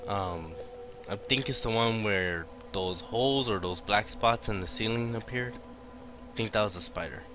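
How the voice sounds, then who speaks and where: A man's voice: fairly low pitch, measured pace, background noise. A man hosting a gaming channel, giving horror game commentary full of swearing and panicky outbursts. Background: game music.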